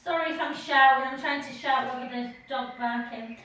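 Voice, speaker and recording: A woman leading a live pilates class from home, cueing gently with counts and chatty asides. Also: high voice, steady tone, moderate pace, hardly any pauses, a little hiss or hum. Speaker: pilates instructor. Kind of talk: live online class instruction. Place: home room with dog nearby. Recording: echoey room heard from a distance.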